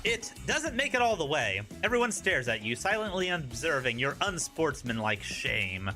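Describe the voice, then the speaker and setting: A man's voice: fairly high pitch, very animated, moderate pace, music in the background. A man streaming a dating sim, reading its narration aloud with playful, wry asides.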